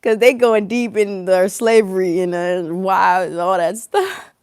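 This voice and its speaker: A woman's voice: mid-range voice, unhurried, a little mellow, clean tone, dry recording, studio quality. Sarcastic, blunt woman tarot reader. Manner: sarcastic, blunt and profane, laughs often. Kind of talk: live-streamed tarot reading.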